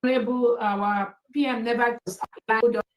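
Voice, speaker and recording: A woman addressing a gathering in a measured, slightly hesitant way, heard in a played clip. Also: fairly high pitch, steady tone, echoey room, poor audio.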